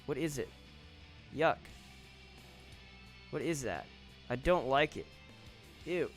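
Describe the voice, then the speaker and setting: A man's voice: mid-range voice, expressive, takes it slowly. A man streaming, reading online posts aloud and reacting with casual, offhand commentary. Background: faint guitar music.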